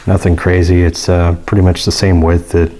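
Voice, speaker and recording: A man's voice: low-pitched, flat delivery, moderate pace, dark tone, a little hiss or hum. A man giving a casual, rambling product review with many fillers and restarts. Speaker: gear reviewer.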